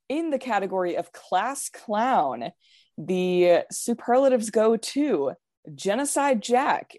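A woman announcing results in a playfully dramatic style, stretching her words out slowly and grandly. Her pitch swings widely as she builds each line, while her voice stays at a middling height for a woman. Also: a little mellow, dry recording, clean studio sound. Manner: slow, grand, drawn-out announcing.

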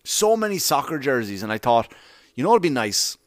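A man's voice: mid-range voice, sing-song, brisk, no echo. Laughing, profane Irish man telling stories. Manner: laughing, profane, rambling anecdotes. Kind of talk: casual storytelling.

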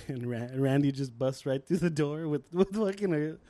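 A man's voice: on the high side, animated, normal speed, warm tone, no echo. A young man with a somewhat raised voice tells a story and keeps breaking into laughter as he talks, swearing freely. It is casual podcast chat, recorded close and dry with no room sound. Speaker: podcast co-host.

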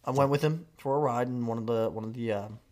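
A man hosting a podcast from a home basement, chatting casually with a rambling deadpan humor and frequent swearing. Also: medium pitch, quick pace. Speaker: podcast host. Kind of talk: casual comedic chat.

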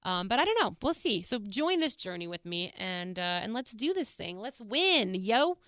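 A woman's voice: mid-range voice, very animated, moderate pace, bright, forceful tone, no room sound. A woman hosting her own podcast, chatting casually and bubbly with lots of fillers and laughs, from a small studio. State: out of breath. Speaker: podcast host. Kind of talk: casual solo podcast chat.

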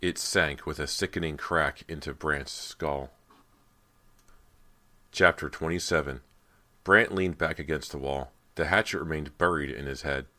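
A man's voice: very deep voice, pushed and bright. A man narrating a horror audiobook in a dramatic storytelling manner. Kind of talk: scripted narration.

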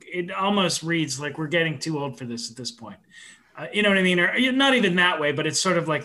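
Man, podcast co-host, bright forward voice, enthusiastic. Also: fairly high pitch. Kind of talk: casual chat.

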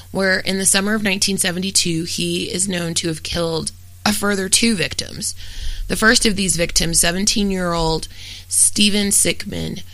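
A true-crime podcast host reads a scripted account in a steady, matter-of-fact way and turns blunt and profane in casual asides. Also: mid-range voice, no echo, poor audio.

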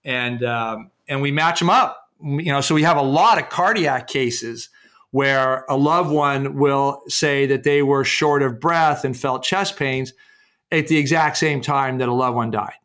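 A man's voice: medium pitch, a little slow, fairly bright tone. A man being interviewed about his research and book, telling case stories with many restarts and fillers and acting out the quotes. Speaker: author and researcher, guest.

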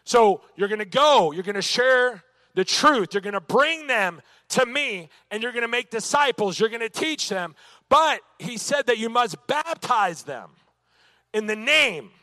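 A man's voice: very high voice, expressive, unhurried, bright, forceful tone, dry recording. A man teaching a church Bible lesson, emphatic and dotted with "amen" and rhetorical questions.

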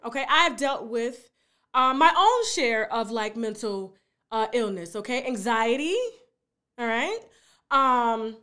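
Sassy, animated high-voiced woman host. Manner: animated, sassy, addresses audience with "okay?" and "you understand?". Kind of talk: casual talk-show monologue.

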